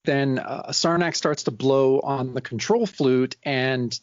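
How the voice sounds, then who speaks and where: A man co-hosting a comic book podcast, commenting with laughs and animated asides. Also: medium pitch, takes it slowly, no echo, lo-fi sound. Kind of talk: casual chat.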